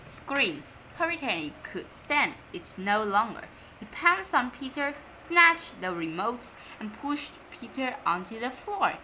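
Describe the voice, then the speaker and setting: A woman reading a children's storybook aloud in English, lively and expressive, Vietnamese native speaker. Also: mid-range voice, slight background noise, low-quality recording. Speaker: story reader.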